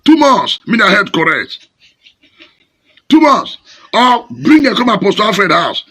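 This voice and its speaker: Here the same fiery Nigerian pastor slows down a little, his scolding sermon in Pidgin-laced English taking on a sing-song lilt. His tone stays high, bright, gravelly and husky, with wild swings of pitch.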